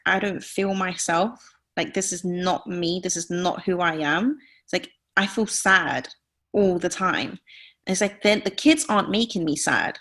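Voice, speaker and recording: A woman's voice: fairly low pitch, a bit bright. A woman in her thirties, a podcast guest, sharing a personal story in an earnest, confessional way, full of "like" fillers. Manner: earnest, heavy use of "like" fillers; openly emotional, confessional.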